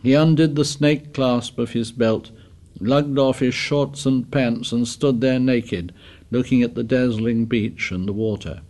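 Male audiobook narrator, mid-pitched, measured and even in his reading. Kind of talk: scripted narration.

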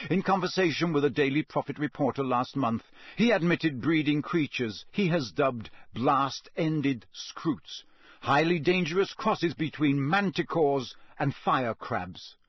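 A man reading a novel aloud as narrator, in a steady, measured storytelling voice that is slightly husky. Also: medium pitch, dry recording, studio quality. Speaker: audiobook narrator.

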